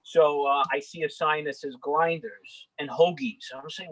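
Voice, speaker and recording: A man's voice: fairly high pitch, fairly even intonation, a little slow, fairly bright tone, no echo, rough recording. A man on a livestream panel, chatting in a rambling way and often restarting his sentences. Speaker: panel guest. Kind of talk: casual panel chat.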